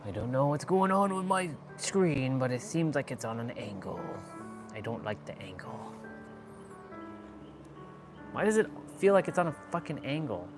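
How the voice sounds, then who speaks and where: A man's voice: medium pitch, big pitch swings, moderate pace, long pauses, faint music behind. A man chatting casually on a live gaming stream, playful and muttering to himself as he plays. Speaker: livestream gamer.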